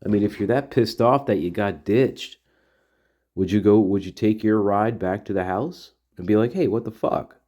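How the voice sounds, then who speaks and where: Deep voiced guy rambling to his listeners, keeps repeating himself, casual monologue. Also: normal speed, warm tone, highs cut off. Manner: talks straight to his listeners. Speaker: podcast host.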